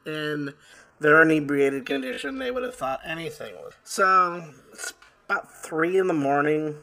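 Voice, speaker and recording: Slow, bright-voiced man reading a story. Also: on the high side, expressive. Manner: slow, plain-spoken with fillers and restarts. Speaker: story reader. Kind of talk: reading a first-person story aloud.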